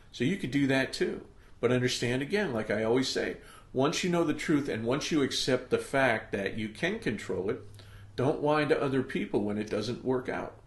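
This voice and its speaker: This middle-aged podcast host, mid-range in voice, gives an emphatic motivational monologue in a roomy-sounding space. Like a pep talk, it is peppered with frequent "okay?" check-ins.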